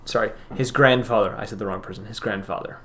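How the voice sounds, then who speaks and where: A man's voice: on the low side, fast talker, pushed and bright, a little hiss or hum. Casual game master man narrating. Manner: casual, many fillers and hedges.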